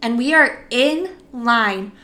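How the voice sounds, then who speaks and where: A young woman with a fairly high voice tells a story in casual conversation. She is animated and acts out her own panicked lines as she goes. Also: slow pace. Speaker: podcast co-host.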